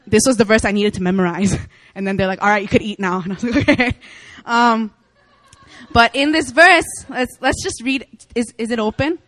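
A woman's voice: fairly high pitch, moderate pace, dry recording. Chatty young woman preaching with a dry sound. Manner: chatty, laughing, animated storytelling. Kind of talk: casual sermon. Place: church meeting room.

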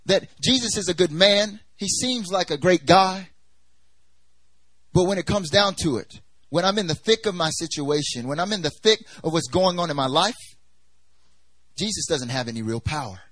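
A man's voice: sits high, expressive, normal speed, a bit bright, no room sound, poor audio. A young man preaching a sermon at a church service, talking in a loose, conversational way full of "like" and "you know", and acting out the voices he quotes.

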